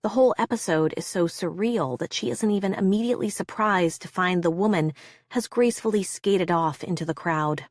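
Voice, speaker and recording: Reading a thriller audiobook from a script, a woman with a lowish voice keeps a measured, suspenseful pace. The studio recording is clean, with no room sound.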